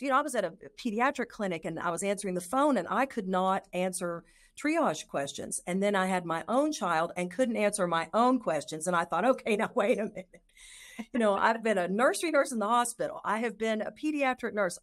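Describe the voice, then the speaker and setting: Middle-aged female nurse guest, expressive storyteller, mid-range voice. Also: medium pitch. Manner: animated, acts out her own past thoughts. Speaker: nurse and lactation consultant guest. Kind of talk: personal storytelling in an interview.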